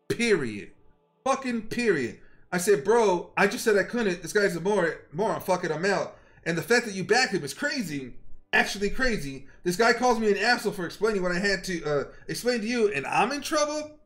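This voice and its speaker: A man's voice: sits high, big pitch swings, moderate pace, fairly bright tone. A young man streamer angrily retelling an argument to his chat, heated and profane, quoting both sides of the exchange. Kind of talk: angry ranting story to stream chat.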